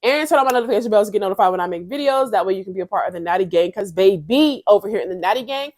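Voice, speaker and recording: A woman's voice: medium pitch, animated, racing, darkish tone. A young woman giving a blunt, profane, slangy review of a reality show in a casual vlog.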